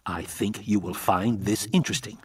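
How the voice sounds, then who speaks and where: A man's voice: lowish voice, normal speed, husky, far from the mic. A man reading as a curt, cold scientist. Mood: intent. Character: blunt irritable male scientist.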